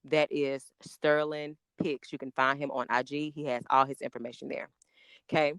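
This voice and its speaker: A woman chats eagerly on a podcast, her words tumbling out in excitement. Her voice is smooth and clear, recorded close in a dry space. She slows down to spell names letter by letter. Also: extremely low pitch, no room sound. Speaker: podcast guest, makeup artist. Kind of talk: casual podcast chat.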